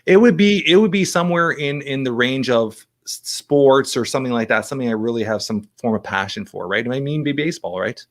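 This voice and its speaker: Podcast guest, man, quick rambling storyteller, mid pitch. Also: lively intonation. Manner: fast, rambling storyteller with many restarts. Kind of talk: casual interview chat.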